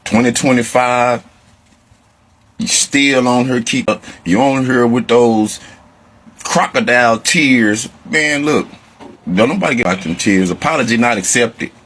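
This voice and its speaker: A man with a husky voice speaks slowly, drawing out his words in an indignant, dismissive reaction rant. He sounds fed up with the person he is addressing. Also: medium pitch, fairly bright tone. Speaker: social media commentator.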